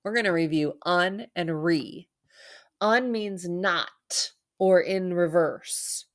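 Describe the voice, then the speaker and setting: A woman's voice: lowish voice, slow. A woman teacher giving an online reading lesson for children, playful and theatrical, with dramatic mock sadness.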